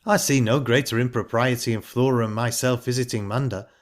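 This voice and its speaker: A man's voice: medium pitch, steady tone, fairly quick, natural voice. A man putting on a cool, ironic young woman. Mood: pointed, ironic. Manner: cool, pointed and cutting. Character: sharp-tongued young woman, calm and ironic.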